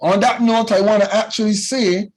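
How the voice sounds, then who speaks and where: A man teaching a youth class in a loud, passionate preaching style, often calling out to his listeners. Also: sits high, steady tone, moderate pace, poor audio. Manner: loud and passionate, with call-and-response phrases.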